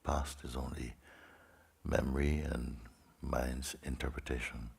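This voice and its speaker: A man as a spiritual teacher leading a guided meditation in slow, sparse phrases with long pauses. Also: rumbling low, fairly even intonation, creaky, slightly rough.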